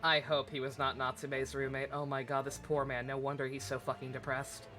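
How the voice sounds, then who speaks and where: A woman's voice: very deep voice, little pitch movement, fairly quick, a bit bright, soft background music. A woman hosting a game let's play, joking, swearing and laughing at what happens on screen. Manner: profane, joking, laughing asides. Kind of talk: gaming commentary.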